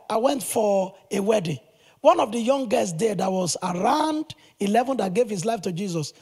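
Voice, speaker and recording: A male pastor preaching a sermon in an animated, emphatic way, with sudden loud bursts. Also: sits high, vocal fry, slightly rough.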